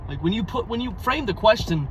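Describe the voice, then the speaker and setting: A man's voice: sits high, animated, brisk, noisy background. A young man talking to his own camera in a blunt, rambling, profane way, a little out of breath. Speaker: vlogger. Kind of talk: casual monologue to camera.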